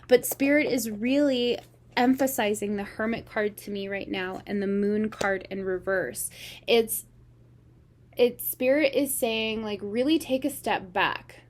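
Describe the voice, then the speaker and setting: A woman's voice: mid-range voice, steady tone. A woman giving a casual tarot reading, talking in an earnest, meandering way. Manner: meandering, earnest, slow and unhurried. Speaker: tarot reader.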